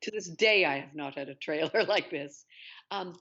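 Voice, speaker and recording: Low-pitched middle-aged woman, animated storyteller, dull lo-fi audio; interview guest. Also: normal speed. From Canada. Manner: animated storyteller, laughs often. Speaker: actress guest. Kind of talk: casual interview. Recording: dull lo-fi sound.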